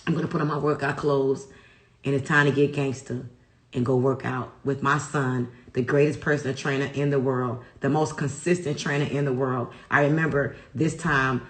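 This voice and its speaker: A woman's voice: rumbling low, fairly even intonation, normal speed. A woman hosting a wellness livestream, speaking affirmations and a motivational pep talk in an emphatic, preacher-like cadence. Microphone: livestream to a large online audience. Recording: roomy echo.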